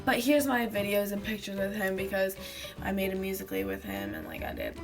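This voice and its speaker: A woman's voice: medium pitch, lively intonation, fairly quick, gravelly, music in the background. A woman vlogger chatting casually to camera, rambling with lots of fillers. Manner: rambling, fillers of "like", acts out quotes.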